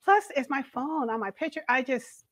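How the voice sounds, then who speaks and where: A middle-aged woman, a podcast guest, telling a story in a lively, laughing way. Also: sits high, moderate pace, no echo. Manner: animated, laughing storyteller who acts out the voices of others. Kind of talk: casual storytelling in an interview.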